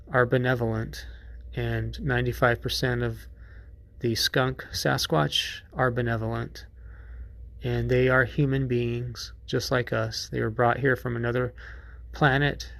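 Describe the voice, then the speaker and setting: A man's voice: mid-range voice, creaky, fairly bright tone, dry recording. A man hosting a podcast in a casual monologue, rambling and profane, with many restarts. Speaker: podcast host.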